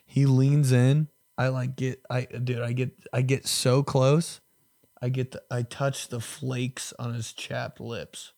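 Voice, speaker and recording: This young podcaster's storytelling is casual, crude, and self-mocking, delivered slowly in a level, middle-pitched voice that frequently jumps from loud to hushed. The sound is close and dry, without any room echo.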